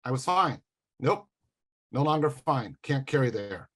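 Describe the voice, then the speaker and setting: A man speaking as a guest on a casual podcast, in a middle-pitched voice. He lays out his points one by one, with a dry, sarcastic edge. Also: expressive, a little slow, fairly bright tone.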